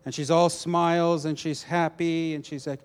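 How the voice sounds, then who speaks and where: A man preaching a personal testimony, telling the story animatedly with halting restarts. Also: on the high side, little pitch movement, clean tone.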